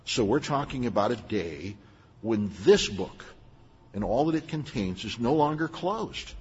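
A man's voice: medium pitch, lively intonation, unhurried, husky. An older man preaching a sermon as a pastor, earnest and emphatic, with plain asides to his listeners. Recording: muffled, long hall reverb.

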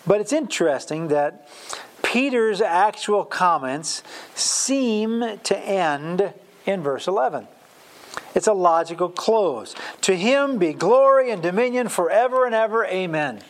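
A man's voice: sits high, animated, unhurried. A man from Wisconsin teaching a Bible lesson in a sermon style, emphatic and full of fillers and restarts.

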